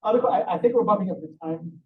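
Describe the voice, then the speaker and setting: Heard from a distance in a roomy space with dull sound quality, a man delivers a conference presentation. He talks quickly in a high-sitting voice, keeping it conversational and restarting often.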